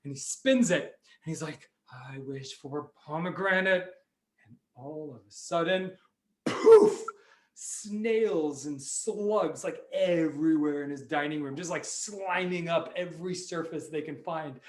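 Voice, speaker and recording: A man telling a story on a video call, lively and full of sound effects and character voices. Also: on the high side, measured pace, hardly any pauses, roomy sound. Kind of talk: animated storytelling for families.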